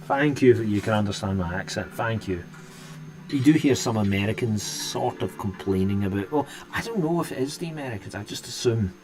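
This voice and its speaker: A man's voice: on the low side, lively intonation, a little fast, darkish tone, soft background music. A Scottish man hosting a live stream and chatting casually with viewers, rambling and restarting his sentences often. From Scotland. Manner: rambling, hesitant, many restarts.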